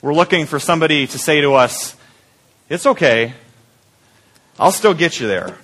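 Guy pastor giving a chatty sermon, slightly high voice, stumbles and repeats words a lot, keeps asking the room questions. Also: pushed and bright. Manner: conversational, asks the congregation questions; halting with frequent repeated words.

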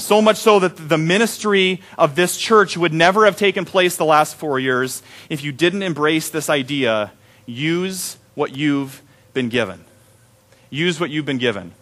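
A pastor giving a sermon, telling stories in a conversational, animated way. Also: male voice, a little high.

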